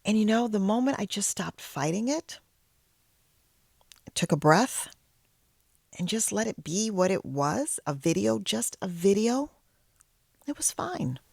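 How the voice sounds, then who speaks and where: Slow, gravelly-voiced woman sharing a story. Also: medium pitch, animated, no echo, clean studio sound. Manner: conversational, candid, self-deprecating, with quiet whispered asides. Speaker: podcast host and yoga teacher in training. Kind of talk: personal storytelling and reflective teaching.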